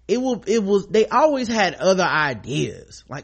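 A man's voice: high-pitched, sing-song, normal speed, gravelly, husky. A man co-hosting a casual podcast, reading listener mail and talking bluntly and profanely.

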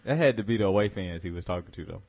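A man's voice: deep voice, expressive, racing, creaky, a little mellow, husky. Laid-back male comedy co-host. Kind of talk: casual comedic chat.

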